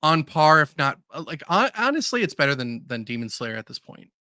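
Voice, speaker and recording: A man's voice: fairly high pitch, sing-song, brisk, sharp tone, dry recording, clean studio sound. A man co-hosting a podcast, chatting casually in an earnest, openly emotional way with hesitant "um"s. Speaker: podcast co-host. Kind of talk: casual chat.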